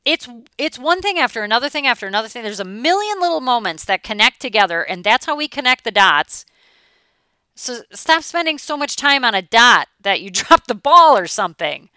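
Woman, forties, mindset coach: blunt and emphatic, casual swearing, bright crisp voice. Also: a little high, big pitch swings, brisk, no room sound. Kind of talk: motivational talk.

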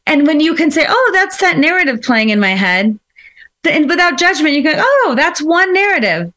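A woman's voice: high voice, animated, fairly quick, a bit bright. A woman co-hosting a talk show, speaking in a reflective, coaching way and acting out quoted voices playfully. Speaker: co-host. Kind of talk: casual podcast chat.

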